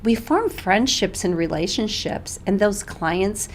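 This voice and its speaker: A woman's voice: medium pitch, lively intonation, unhurried, a little hiss or hum. A middle-aged woman who owns a med spa, speaking earnestly as a guest in an interview conversation. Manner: earnest, grows tearful and soft-spoken at times.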